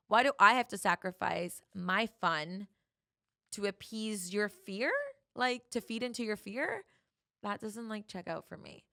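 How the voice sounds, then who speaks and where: A young woman hosting a solo podcast, telling a personal dating story in a chatty, animated way and acting out the dialogue. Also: fairly low pitch, vocal fry, no room sound, clean studio sound. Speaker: podcast host.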